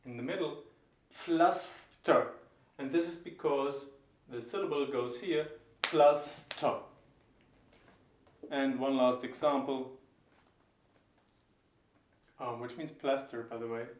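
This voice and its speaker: A man teaching German pronunciation, explaining each sound and slowly repeating example words. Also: medium pitch, echoey room. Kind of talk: pronunciation lesson.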